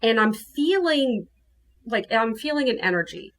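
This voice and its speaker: Lively woman telling a ghost story. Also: a little high, unhurried. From New Orleans, USA. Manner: animated, acts out her own quotes. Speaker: guest storyteller.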